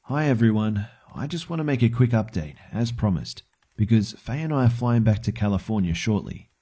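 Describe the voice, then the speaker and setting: Low, mellow-voiced man narrating horror. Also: animated, fairly quick, slightly rough. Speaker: storyteller. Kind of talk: scripted first-person horror narration.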